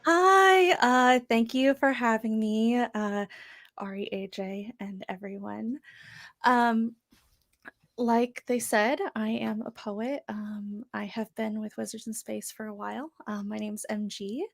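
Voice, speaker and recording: A woman's voice: fairly high pitch, fairly even intonation, slow, vocal fry. A woman poet introducing herself before a reading, hesitant, with many ums and uhs. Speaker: poet and guest reader.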